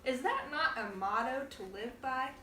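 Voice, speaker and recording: A woman's voice: high-pitched, lively intonation, measured pace, sharp tone, far from the mic, slight background noise. A woman hosting a casual cooking demonstration in her home kitchen, chatting playfully and laughing often as she works. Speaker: cooking show host. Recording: roomy kitchen sound, from off the mic.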